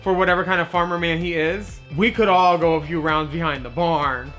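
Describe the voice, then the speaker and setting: Brief: profane comedy host in his forties, crude and mocking, bright, forceful tone, faint music behind. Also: a little high, fairly even intonation, fairly quick. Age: 40s. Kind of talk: raunchy comedic video commentary.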